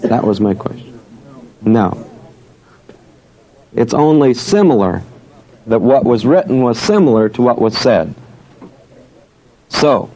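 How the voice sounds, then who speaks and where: A man teaching a Bible study, reasoning aloud, asking himself questions and answering them, and reading verses in a drawn-out cadence. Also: medium pitch, warm tone, rough recording.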